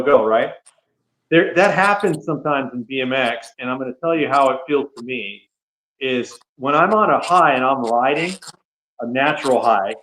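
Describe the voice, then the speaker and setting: A man's voice: fairly high pitch, fairly bright tone, a little hiss or hum. A man talking as a podcast guest, telling stories casually with lots of "you know" and "man.". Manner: chatty storyteller, frequent "you know" and "man". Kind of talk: casual chat. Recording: echoey room.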